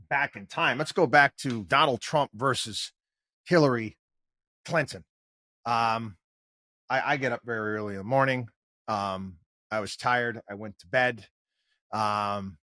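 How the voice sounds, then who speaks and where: A man's voice: medium pitch, pushed and bright, no echo. An older man hosting a podcast, talking in a casual, rambling monologue with lots of fillers and restarts, plain-spoken and wry. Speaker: podcast host and financial commentator.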